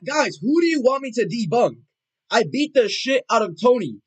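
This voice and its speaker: A young man livestreaming, chatting casually and rambling, swearing a lot, with loud excited outbursts. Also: high voice, normal speed.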